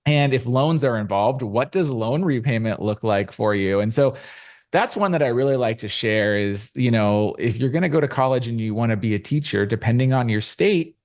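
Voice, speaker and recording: A middle-aged man talking as a finance guest in a podcast interview, explaining with rhetorical asides and lively emphasis. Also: medium pitch, moderate pace. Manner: animated, explanatory, rhetorical "right?". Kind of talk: conversational interview.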